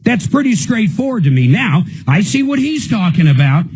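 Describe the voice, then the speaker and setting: A man's voice: sits high, very animated, normal speed, a little mellow, slightly rough, low-quality recording. A male radio host on a live consumer call-in show, talking in a fired-up, indignant rant. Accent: American.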